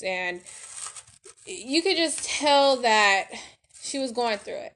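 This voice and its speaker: A woman's voice: medium pitch, unhurried, fairly bright tone. A woman hosting a podcast, chatting casually to her listeners while she cooks. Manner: chatty, addresses listeners as y'all. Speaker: podcast host. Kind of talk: casual chat while cooking.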